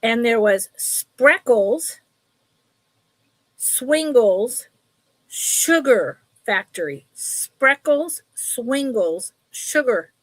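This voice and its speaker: Middle-aged lady doing a jewelry live sale, kinda high voice, slow and chatty, wanders off topic a lot. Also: animated, no room sound, poor audio. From California. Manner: chatty, rambling, talks to her cat and viewers. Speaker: live sale host selling vintage jewelry. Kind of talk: casual live-stream sales chat.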